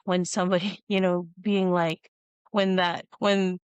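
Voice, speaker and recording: A woman hosting a podcast, telling a personal story in a casual, animated way and acting out the dialogue. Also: fairly low pitch, unhurried, clean tone, dry recording. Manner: animated, acts out quoted dialogue with lots of "you know". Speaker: podcast host.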